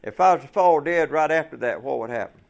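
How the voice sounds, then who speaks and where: A man's voice: fairly high pitch, expressive, fast, vocal fry. A man preaching a folksy sermon to fellow truckers, asking the room rhetorical questions.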